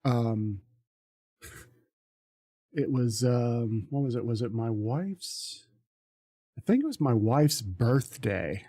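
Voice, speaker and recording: A man's voice: mid-range voice, dark tone. A man, a streamer, telling a story in casual chat, rambling with many ums and restarts.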